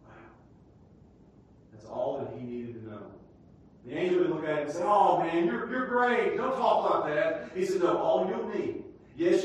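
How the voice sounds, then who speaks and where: Man preaching with a high voice, goes from shouting to almost whispering, very echoey church, mic far off. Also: animated, measured pace, slight background noise. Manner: dramatic swings from shouting to hushed tones. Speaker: pastor. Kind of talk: sermon. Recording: echoey room, distant from mic.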